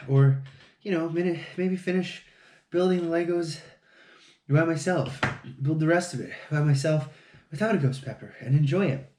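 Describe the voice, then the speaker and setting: A man talks to the camera in a slightly high voice, swearing freely and mocking himself under his breath. His pace is slow and drawn out. The room gives him a noticeable echo. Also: a little hiss or hum. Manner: profane, mumbling to himself, self-mocking. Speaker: vlogger. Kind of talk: casual solo vlog talking to camera while building. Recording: echoey room.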